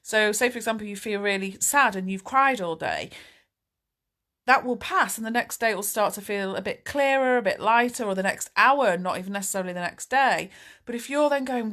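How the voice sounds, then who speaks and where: A woman's voice: fairly high pitch, animated, normal speed, a bit bright. A woman, a life coach answering viewer questions in a candid, chatty, reassuring live Q&A. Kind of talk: live Q&A chat.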